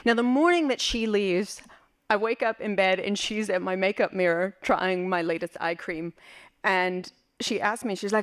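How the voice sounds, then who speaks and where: A woman tells a personal story live on an auditorium stage, speaking into a stage mic. Her delivery is wry and vivid, with theatrical turns, and her pitch sits in a plain middle range. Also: normal speed.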